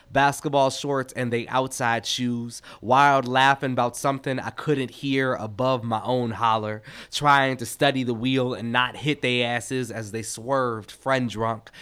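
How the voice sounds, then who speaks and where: A man reading his own poetry aloud, with an expressive, rhythmic delivery that rises and falls in loudness. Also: medium pitch, smooth.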